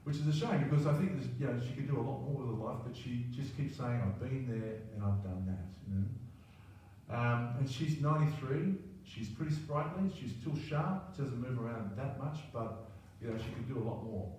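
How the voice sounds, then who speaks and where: Older Australian man, mellow tone, rambling self-deprecating storyteller, echoey room. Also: medium pitch, moderate pace, slight background noise. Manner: rambling, self-deprecating, keeps adding "right?". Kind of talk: personal anecdote monologue. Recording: very roomy, distant mic, faint ambience.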